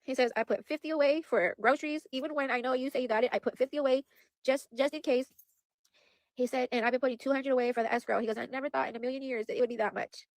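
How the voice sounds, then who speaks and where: A young woman speaks quickly to her viewers in a casual vlog, with a slightly high voice. She sounds worried and upset, circling back over the same points and filling her speech with "like" and "you guys." The recording is dry and close. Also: steady tone, no echo. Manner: rambling, repeats herself, heavy use of "like" and "you guys". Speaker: vlogger.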